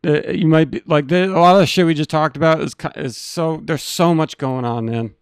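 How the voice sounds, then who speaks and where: A man's voice: a little high, a little fast, clear, resonant tone, no echo, studio quality. A man hosting a live stream, talking in a blunt, earnest, profane way to his viewers. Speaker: stream host. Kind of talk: casual chat.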